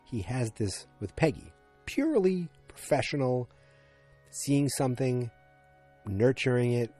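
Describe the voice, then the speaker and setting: Rambling man with a mellow husky voice. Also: medium pitch, very animated, a little slow, faint music behind. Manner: rambling, many fillers and restarts, retells scenes. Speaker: podcast host recapping a TV episode. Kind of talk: casual recap chat.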